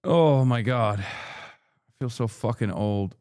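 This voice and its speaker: Man streamer, smooth clear voice, dry close mic, rambling profane commentary. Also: mid-range voice, slow, a little mellow, no echo. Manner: rambling, with many restarts and asides to chat. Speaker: streamer reacting to a clip.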